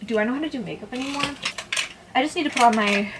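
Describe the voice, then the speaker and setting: A woman's voice: fairly high pitch, quick pace, heavy background noise. A woman in her twenties chatting casually at home while doing her makeup, rambling and blunt, swearing freely. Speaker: beauty vlogger. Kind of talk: casual get-ready-with-me chat.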